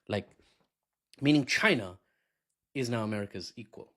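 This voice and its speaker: A man's voice: fairly low pitch, moderate pace, long pauses. A man hosting a casual solo news commentary, jokey and chatty, who wanders into asides. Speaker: commentary host.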